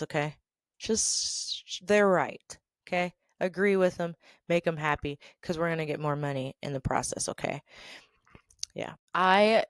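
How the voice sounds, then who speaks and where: A woman's voice: low-pitched, clean tone, dry recording. A woman telling work stories in a sassy, emphatic, casual way, often laughing and checking in with "okay?". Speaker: storytelling vlogger. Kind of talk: animated casual storytelling.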